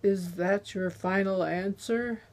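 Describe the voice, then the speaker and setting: Casting: woman playing a cold, measured male interrogator in a storybook thriller, firm and commanding, mid-pitched. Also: steady tone, darkish tone. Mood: cold menace.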